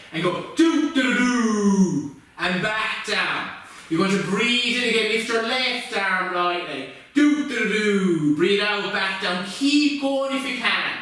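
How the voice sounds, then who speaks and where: A man leads a children's yoga class in a gentle, playful, encouraging way, with a slow, unhurried delivery. His voice rings around a very echoey room, and he sounds some distance from the mic. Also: high voice. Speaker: kids' yoga teacher. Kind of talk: guided yoga instruction for children.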